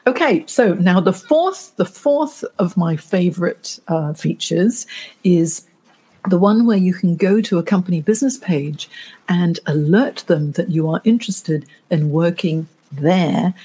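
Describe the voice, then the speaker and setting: A woman career coach chatting on a live stream, telling stories and lively when quoting people. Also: on the low side, measured pace, breathy edge. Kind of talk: casual live-stream chat.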